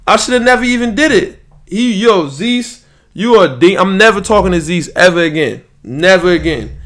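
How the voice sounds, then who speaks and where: A man's voice: sits high, lively intonation, normal speed, fairly bright tone. A young man, a podcast host ranting in frustration about a live fantasy draft. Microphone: podcast mic, moves away at times.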